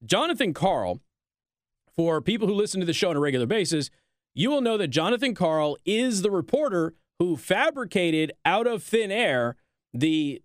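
Animated, high-pitched sarcastic male host. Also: moderate pace, dry recording, clean studio sound. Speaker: talk show host. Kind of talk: political commentary monologue.

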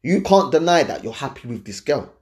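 A young man gives blunt, animated relationship advice in a casual, slangy way, repeating his points. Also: a little high, a little fast. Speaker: advice-giving host.

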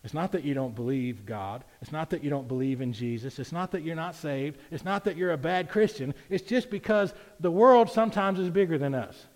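Preacher in an echoing church. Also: male voice, a little high, expressive, fairly quick, hardly any pauses. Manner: conversational preaching, rising to emphatic peaks. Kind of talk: sermon. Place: church sanctuary. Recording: reverberant church hall.

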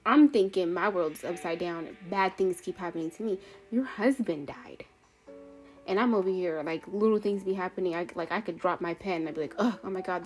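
A woman's voice: lowish voice, darkish tone. A young woman telling viewers a personal story in a casual, rambling way, full of fillers and restarts, with emotion rising and falling.

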